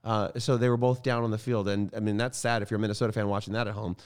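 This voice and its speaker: Fast-talking excitable man on sports chat. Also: on the low side, clear, resonant tone. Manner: excitable, rambling, frequent self-corrections. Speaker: sports podcast co-host.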